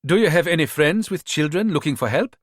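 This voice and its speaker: A woman's voice: sits low, expressive, fairly quick, no room sound, studio quality, pitched above the performer's own voice. A man voicing a young female undercover agent who speaks in a Ghanaian accent, polite and deferential. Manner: polite, deferential, asks for work.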